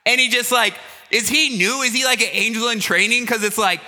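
A man's voice: high voice, brisk, bright, forceful tone, long reverb tail. A man casually retelling a Bible story with playful asides and funny voices. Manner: playful, acts out characters with silly voices and laughs.

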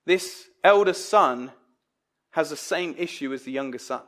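Emphatic high-voiced male preacher. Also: lively intonation, a little slow, a bit bright. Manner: emphatic, conversational preaching with dramatic quoted voices. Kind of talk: sermon.

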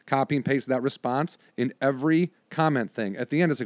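A young adult man in casual chat, telling stories in an animated way, swearing and acting out what people said. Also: medium pitch, fairly quick, hardly any pauses, no echo, clean studio sound. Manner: animated storyteller, swears, acts out exchanges.

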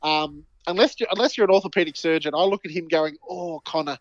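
A man's voice: on the high side, quick pace, dry recording, dull audio. An Australian man co-hosting a podcast, bantering in a jokey, rambling way. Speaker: podcast co-host. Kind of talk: casual chat.

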